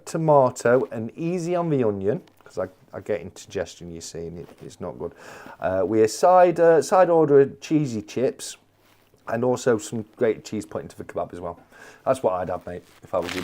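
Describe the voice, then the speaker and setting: A man's voice: medium pitch, darkish tone. A British man hosting a live stream, chatting casually and joking with viewers in rambling banter. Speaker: livestream host reading chat.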